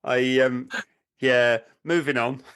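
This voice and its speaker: A man's voice: mid-range voice, fairly even intonation, slow, fairly bright tone, clean tone. A middle-aged man co-hosting a podcast, reading listener reviews and teasing his co-host with frequent laughter. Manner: giggly, teasing, laughs often.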